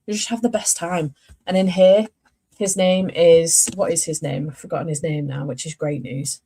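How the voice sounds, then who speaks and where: A woman's voice: low voice, steady tone, moderate pace, dark tone, husky. Chatty woman, rambling and laughing. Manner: chatty, rambling, laughs often, self-correcting. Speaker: book vlogger. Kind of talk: casual chat.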